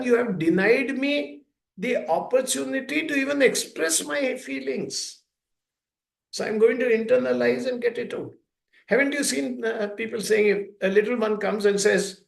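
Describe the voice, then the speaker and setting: A man giving a talk at a school, speaking slowly and deliberately and acting out short dialogues between a parent and a child. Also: extremely high pitch, vocal fry. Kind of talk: lecture with plain everyday examples. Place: school hall. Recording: echoey room.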